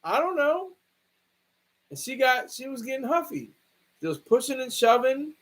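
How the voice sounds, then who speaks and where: A man hosting a livestream, talking through a case in a rambling, halting way with many restarts. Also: very high voice, sing-song, low-quality recording. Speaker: livestream host. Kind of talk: casual livestream commentary.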